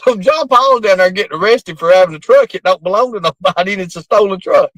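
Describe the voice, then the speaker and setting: High-voiced man spinning a yarn. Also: fast, fairly bright tone, dry recording, lo-fi sound. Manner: rambling, laughing through the tale, coarse language. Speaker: storyteller. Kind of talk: casual spoken storytelling.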